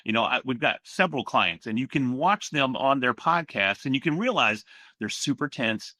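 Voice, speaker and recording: A man chatting as a guest on a podcast, telling stories in a relaxed, animated way. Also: medium pitch, normal speed, dry recording. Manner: relaxed storyteller, animated asides. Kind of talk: casual conversational interview.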